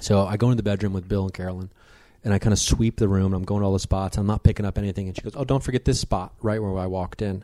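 Mellow-voiced man telling a rambling story. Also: low-pitched, rapid-fire, hardly any pauses, no room sound, clean studio sound. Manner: rambling, animated storyteller with many fillers. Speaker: podcast guest. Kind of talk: casual storytelling conversation.

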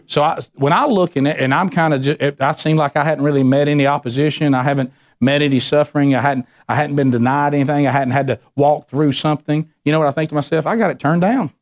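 A man's voice: a little high, steady tone, fast, few pauses. A man preaching a sermon as a pastor, emphatic and conversational, asking the congregation questions.

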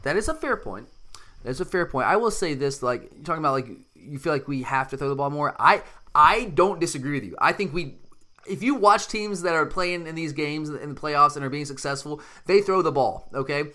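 A man's voice: fairly high pitch, expressive, fairly quick, bright, forceful tone. A man hosting a casual sports talk show, talking animatedly and emphatically, often restarting his sentences. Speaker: sports podcast host.

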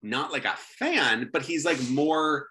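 A man's voice: fairly high pitch, slow pace. A man co-hosting a podcast, chatting loosely about a film with a lot of fillers and laughter. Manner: lively, laughing, rambling with many fillers. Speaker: podcast co-host. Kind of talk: casual movie discussion.

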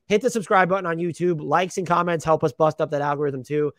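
Co-hosting a casual sports podcast, a fast-talking man whose voice sits a bit high for a man keeps a steady tone while bantering in a profane, self-deprecating way. The recording is dry and close on a podcast mic, with no echo.

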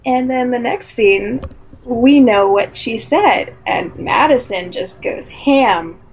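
A woman in a casual chat, retelling a scene and quick to laugh. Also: a little high, slight background noise, rough recording.

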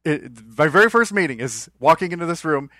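A man's voice: on the high side, expressive, fairly quick, pushed and bright, dry recording, clean studio sound. Rambling man telling a story. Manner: rambling and anecdotal. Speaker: podcast co-host. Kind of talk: casual storytelling.

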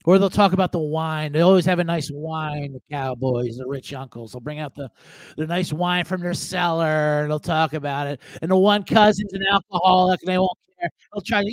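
A man's voice: fairly high pitch, moderate pace, dry recording, low-quality recording. A man hosting a sports betting show, ranting comically with lots of swearing and mimicking relatives. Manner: profane, animated, mimics family members. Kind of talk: comedic live-stream rant.

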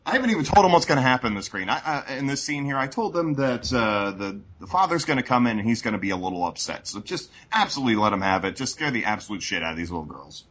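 A man's voice: medium pitch, very animated, fast talker, few pauses, fairly bright tone. A man co-hosting a podcast in casual chat, laughing often and gushing about a film. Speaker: podcast co-host.

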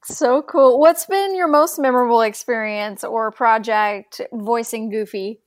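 A woman with a fairly high voice who co-hosts an interview. She asks her questions with eager interest. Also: measured pace. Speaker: co-host.

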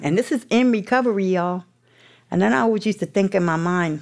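A woman's voice: mid-range voice, fairly quick. A woman with a New York accent telling her recovery story candidly, in a blunt, profane, street-tough way. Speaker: speaker sharing a recovery story.

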